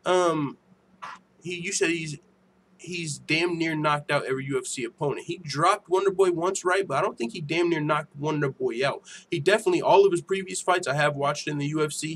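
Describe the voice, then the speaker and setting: A man hosting a casual livestream, reading viewer comments aloud with profane, laughing, animated banter. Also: a little high, a little hiss or hum. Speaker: MMA show host.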